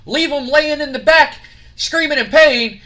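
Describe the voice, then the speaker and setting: A man's voice: very high-pitched, a little slow, pushed and bright. A man narrating a wrestling sim playthrough in an offhand, self-correcting way. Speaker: game commentator.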